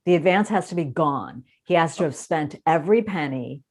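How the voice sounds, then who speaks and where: A woman's voice: sits low, expressive, moderate pace, darkish tone. A woman from the United States hosting a casual interview chat, chatty and self-deprecating, laughing often. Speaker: podcast host.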